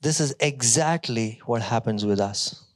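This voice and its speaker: A male pastor preaching a sermon, emphatic, moving between strong declarations and quieter storytelling. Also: medium pitch, measured pace.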